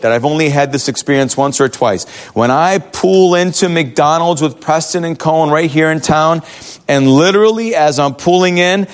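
Animated high-voiced male preacher. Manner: conversational, animated, with rhetorical questions. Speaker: pastor. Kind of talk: sermon.

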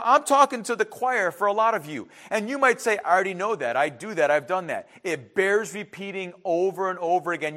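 A man preaching a sermon in a conversational way, asking the listeners questions and repeating words, swinging between loud emphasis and quiet asides. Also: high-pitched. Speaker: pastor.

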